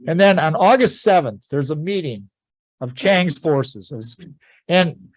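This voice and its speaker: Man lecturing on history in animated storytelling. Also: a little high, slow, dry recording. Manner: animated storytelling, quoting figures in plain conversational voice. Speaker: history teacher.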